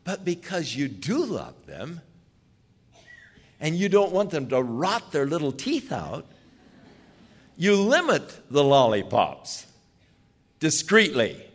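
An older man preaching in a slow, unhurried sermon. His pitch rises and falls widely as he presses earnest, emphatic questions on his listeners. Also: wildly swooping pitch, slightly rough.

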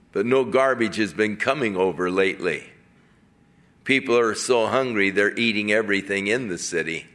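Male preacher, slow deliberate delivery, animated storyteller. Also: fairly low pitch. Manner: animated storyteller acting out characters. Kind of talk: sermon storytelling.

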